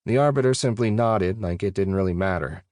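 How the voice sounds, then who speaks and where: A man with a fairly low voice narrates an audiobook at a steady, even pace. The recording is dry and close, with no room sound. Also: a little fast, dry recording. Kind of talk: scripted narration.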